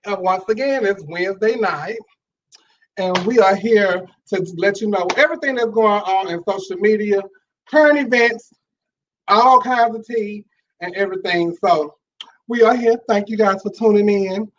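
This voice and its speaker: A man from Louisiana hosting a casual live-stream talk show, sassy and animated, greeting viewers as child and honey. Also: high voice, normal speed, dull audio, a little hiss or hum. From Monroe, Louisiana.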